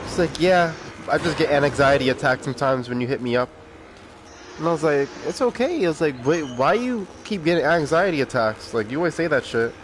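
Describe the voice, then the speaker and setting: A man with a fairly high, swooping voice talks in a slangy, animated way and laughs often. A clear background noise of traffic runs under him. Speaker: podcast co-host. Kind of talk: casual chat.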